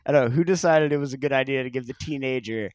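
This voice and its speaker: A young man co-hosting a podcast, reacting with lots of laughter, quick agreement and swearing. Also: medium pitch, darkish tone, no echo. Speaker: podcast co-host. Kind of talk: casual chat.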